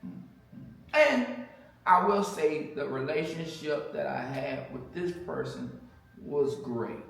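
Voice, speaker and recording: A middle-aged man telling his marriage testimony in casual chat, full of fillers and repeats, getting loud when he quotes himself. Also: a little high, slow pace, creaky. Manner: animated storytelling, many fillers and repeats, bursts louder when quoting himself. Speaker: guest sharing marriage testimony. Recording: echoey room, mic at a distance.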